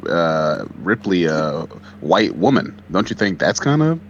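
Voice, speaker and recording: A man's voice: sits low, sing-song, unhurried, lo-fi sound, a little hiss or hum. A man chatting on a podcast through a headphone mic, curious and full of questions. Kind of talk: casual chat.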